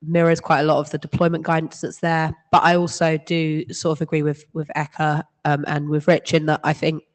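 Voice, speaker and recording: A woman who is losing her voice speaking hesitantly, with many pauses, at an open microphone in a meeting. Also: deep voice, level tone. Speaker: meeting participant. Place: large meeting hall. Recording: long hall reverb.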